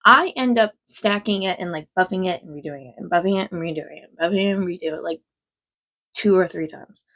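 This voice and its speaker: A woman's voice: lowish voice, a little fast, fairly bright tone. A woman chatting casually through a makeup tutorial at home, rambling and frank, with some swearing. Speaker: makeup vlogger. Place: quiet home.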